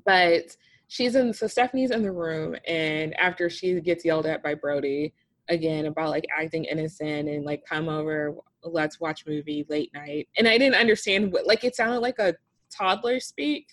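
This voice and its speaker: Woman, casual chat, slightly low voice, animated, laughs often. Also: moderate pace. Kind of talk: casual chat recapping a reality show.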